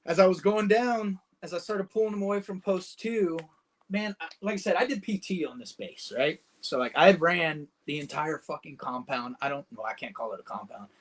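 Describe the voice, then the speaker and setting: Vet guy telling a war story on a podcast, swears a lot, says dude constantly, voice on the higher side. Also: moderate pace. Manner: profane, vivid war storytelling with lots of "dude" and "man". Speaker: podcast guest, combat veteran. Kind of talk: casual storytelling.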